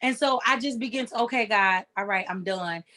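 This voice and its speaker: A woman's voice: mid-range voice, brisk. A woman in casual chat, telling a personal story in a candid, emphatic way and acting out the dialogue as she goes. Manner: animated storyteller, acts out dialogue.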